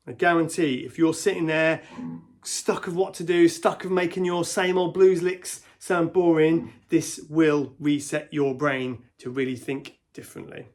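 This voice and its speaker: A man teaching guitar in a casual way, counting beats and scatting rhythms aloud. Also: fairly high pitch. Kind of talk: casual instructional talk. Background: guitar and backing track playing.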